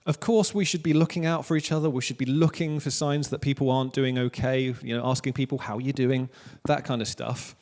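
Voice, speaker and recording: Welsh man in his thirties, mid pitch, joking sermon delivery, church hall echo. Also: steady tone, fairly quick, few pauses, a little mellow. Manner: casual, joking, self-deprecating preaching. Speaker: pastor. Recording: long church hall reverb.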